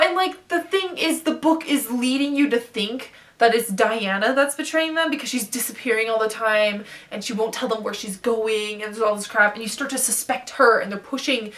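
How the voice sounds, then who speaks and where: A young woman ranting about a book in a casual, excitable, gushing way, rambling from point to point. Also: on the high side, normal speed, few pauses. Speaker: book vlogger. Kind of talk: casual book review rant.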